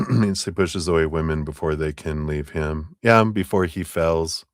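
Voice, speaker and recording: Deep-voiced man giving a lively reading. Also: moderate pace, no echo, studio quality. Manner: animated, acts out quoted voices with big pitch jumps; laughs often, many fillers. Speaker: tarot reader. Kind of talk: live-streamed reading talk.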